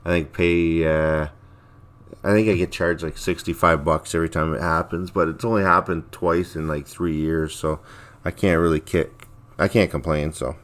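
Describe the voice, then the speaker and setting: A man's voice: sits low, fairly even intonation, moderate pace, a bit bright. A man hosting a livestream, chatting casually in a rambling, laid-back way and reacting to viewer comments. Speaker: livestream host.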